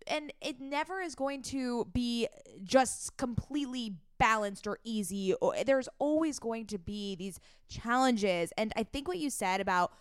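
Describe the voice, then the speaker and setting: Woman co-host, encouraging and animated, slightly high smooth voice, dry close sound. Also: unhurried, few pauses, dry recording. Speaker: podcast co-host. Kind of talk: casual podcast chat.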